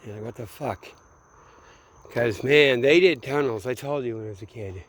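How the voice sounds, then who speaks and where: A man's voice: mid-range voice, brisk, a bit bright, no echo. A man from Minneapolis in a meandering, late-night solo monologue, swearing freely and often trailing off mid-thought. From Minneapolis, USA. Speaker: vlogger.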